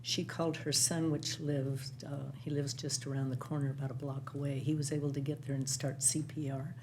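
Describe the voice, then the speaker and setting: A council member chimes in with conversational remarks in a fairly flat tone. Faint background noise runs under the voice. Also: mid-range voice, fairly quick.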